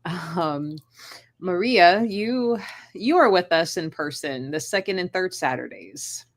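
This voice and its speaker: A woman's voice: lowish voice, expressive, slow. A woman hosting a casual livestream chat, joking with self-mocking sarcasm. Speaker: host.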